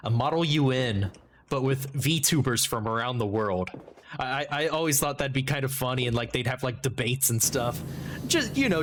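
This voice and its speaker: A man's voice: mid-range voice, background noise. A man streaming a game and chatting casually, rambling and joking as he interrupts himself. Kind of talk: casual livestream chat while gaming.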